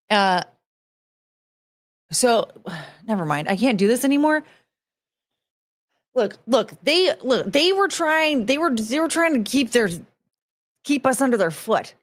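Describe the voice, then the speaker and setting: A woman in her forties chatting casually on a livestream, rambling and excitable, swearing freely, with sudden loud outbursts. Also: mid-range voice. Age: 40s. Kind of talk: casual livestream chat reading viewer messages.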